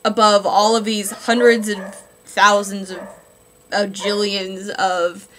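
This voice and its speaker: A woman's voice: medium pitch, level tone, slow pace, fairly bright tone, a little hiss or hum. A woman talks through a comic book review in a loose, unscripted way, filling gaps with ums and likes. Her tone leans dry and sarcastic, and she records at home. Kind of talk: casual spoken review.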